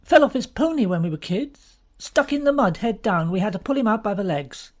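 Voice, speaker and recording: A woman's voice: mid-range voice, animated, fairly quick, voice pushed up, close to an everyday voice. A woman voicing an earnest, bluff young man, recently out of the Navy, in an audiobook. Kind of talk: audiobook character reading.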